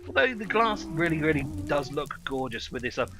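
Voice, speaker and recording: A man's voice: a little high, sing-song, fairly quick, poor audio. A man hosting a game review, narrating over gameplay in an enthusiastic, playful way. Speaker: host.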